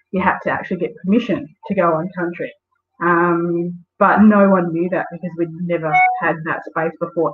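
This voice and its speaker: A woman's voice: on the low side, slight background noise. A woman being interviewed as a guest, telling stories with many fillers. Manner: storytelling, lots of fillers. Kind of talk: casual interview. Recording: tinny phone-like call audio.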